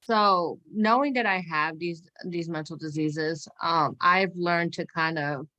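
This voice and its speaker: A woman in her twenties, a guest in a casual podcast chat, with a low-set voice. Her tone is crisp and bright, and she speaks in a thoughtful, measured way with some fillers. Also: low-quality recording. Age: 20s.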